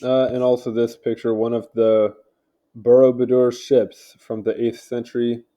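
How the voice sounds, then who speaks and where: A man's voice: mid-range voice, little pitch movement, normal speed, mellow, highs cut off. A man casually reading articles aloud at home, stumbling over names and tossing in offhand remarks. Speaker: video host reading wiki articles. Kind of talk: casual read-along commentary. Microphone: home mic.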